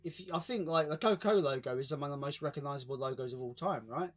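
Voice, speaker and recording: Racing along in a voice on the high side, a British co-host chats casually on a stream. He trips over his words, repeats himself, swears freely and breaks into laughter in the middle of stories.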